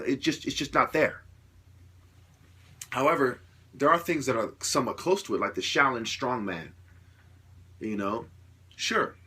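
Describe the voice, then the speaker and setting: Husky, bright-voiced man lecturing hard. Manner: lecturing, repetitive rhetorical questions, swears; grows louder and higher when worked up. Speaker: self-styled martial artist ranting to camera. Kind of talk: opinionated monologue.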